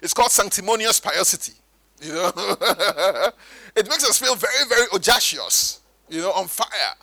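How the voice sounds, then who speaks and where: Guy preaching, high pitched, bright, close dry mic. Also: moderate pace, vocal fry, no room sound, low-quality recording. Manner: animated, mimics churchgoers in high voices. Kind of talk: sermon.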